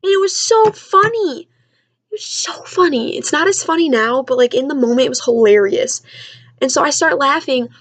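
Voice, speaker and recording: A woman's voice: high voice, expressive, normal speed, no room sound. Dry-sounding young woman telling a story. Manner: chatty and self-mocking, lots of "like". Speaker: vlogger. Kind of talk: casual storytelling vlog. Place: basement at home.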